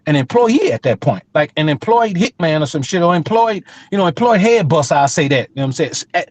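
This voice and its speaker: A man's voice: on the high side, animated, fairly quick, no echo. A middle-aged man telling a street story in a casual, profane, emphatic way as a podcast co-host.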